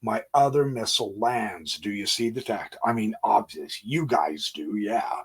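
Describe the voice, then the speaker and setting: A man hosting his chess channel who talks through a game on a board, thinking aloud in a folksy way with homey exclamations and swinging between quiet asides and emphatic bursts. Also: lowish voice, lively intonation, measured pace, breathy edge. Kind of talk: casual game walkthrough on a physical board.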